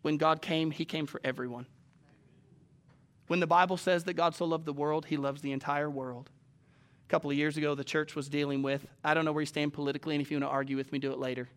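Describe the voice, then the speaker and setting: A man preaches a sermon to his congregation in a church, with a bright, forceful voice. He talks animatedly and shifts from calm points into sudden loud, acted-out quotes. His voice sits a bit high for a man. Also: fast, smooth. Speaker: pastor. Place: church sanctuary with a live congregation.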